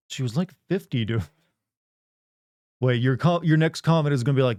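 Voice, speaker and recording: A man's voice: medium pitch, fairly quick, a little mellow, no room sound. A man chatting casually with viewers while streaming a game, rambling, joking, and laughing often. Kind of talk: casual chat while playing.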